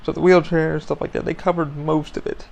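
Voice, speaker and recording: A man's voice: fairly high pitch, little pitch movement, a little fast, gravelly, a little mellow, a little hiss or hum, poor audio. A man hosting a podcast, venting frankly in a casual monologue, blunt and full of swearing. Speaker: podcast host.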